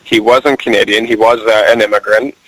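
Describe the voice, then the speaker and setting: Young man, halting stammering speech. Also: on the low side, steady tone, fairly bright tone, no echo, rough recording. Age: 20s. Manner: halting, stammers and restarts often. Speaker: guest caller. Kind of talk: casual call-in talk.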